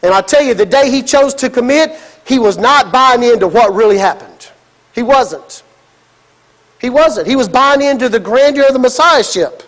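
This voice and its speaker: A male pastor preaches dramatically, breaking into sudden emphatic outbursts. His voice sits unusually high for a man. The sermon rings through a large church hall with a long echo.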